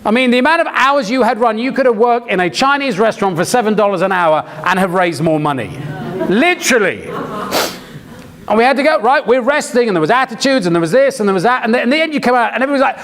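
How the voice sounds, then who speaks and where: A man's voice: extremely high pitch, expressive, fast, a bit bright, big-room sound. A man preaching a sermon, telling stories animatedly and acting out the lines he quotes.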